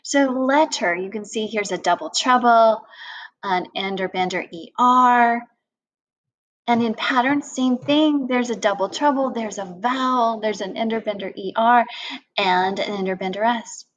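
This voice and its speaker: Woman teacher, early-reader phonics lesson, slow and deliberate, slightly high voice, playful and animated. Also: dull audio. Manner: animated, acts out vowel sounds with big grunts and exclamations.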